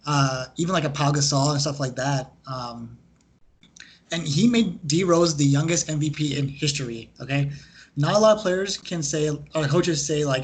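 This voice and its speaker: A young man co-hosting a sports podcast, chatting casually in a joking, animated way and swearing freely. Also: a little high, normal speed, husky. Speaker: podcast co-host.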